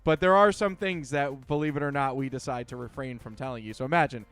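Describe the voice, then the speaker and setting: A man's voice: mid-range voice, quick pace, fairly bright tone, clear, resonant tone, soft background music. A man co-hosting a casual podcast, joking and moving the conversation along. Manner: jokey, steers the talk along. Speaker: podcast co-host. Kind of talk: casual chat.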